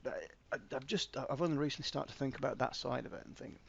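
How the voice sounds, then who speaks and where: A man's voice: mid-range voice, steady tone, fast talker, gravelly, a bit bright, muffled recording, a little hiss or hum. A man, an author, talking frankly and self-deprecatingly in a casual podcast chat, with stammering restarts.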